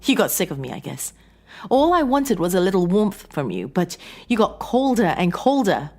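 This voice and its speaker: A woman voicing an estranged wife who is pleading and tearful, a little higher and louder than her narration. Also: very animated, normal speed. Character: grieving estranged wife, adult woman, clingy and sorrowful.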